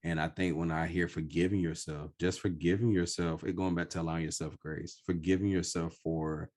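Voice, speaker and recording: A man hosting a podcast, telling his own story slowly and earnestly in a reflective conversation. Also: deep voice, steady tone, darkish tone. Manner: slow, earnest, personal storytelling. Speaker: podcast host.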